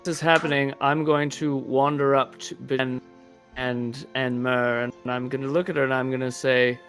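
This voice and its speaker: A man's voice: mid-range voice, level tone, normal speed, a bit bright, faint music behind. A man playing a tabletop game, easygoing and persuasive in character. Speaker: player. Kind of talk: casual tabletop role-play.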